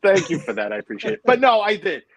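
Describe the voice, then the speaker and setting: A man's voice: sits high, very animated, fast talker, vocal fry, a crowd in the background, low-quality recording. A man hosting a casual livestream from home, chatting and rambling with lots of fillers. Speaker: livestream host. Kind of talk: casual chat.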